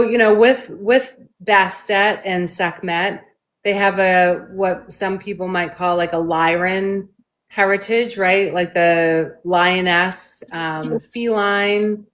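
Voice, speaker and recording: A woman in her thirties, an animated and excitable storyteller, co-hosting a casual spiritual conversation. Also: fairly low pitch. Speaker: co-host.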